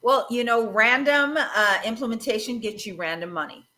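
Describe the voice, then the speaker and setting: A woman's voice: on the high side, expressive, normal speed, pushed and bright, rough recording. A woman marketing strategist speaking on a casual panel, playful with folksy exclamations.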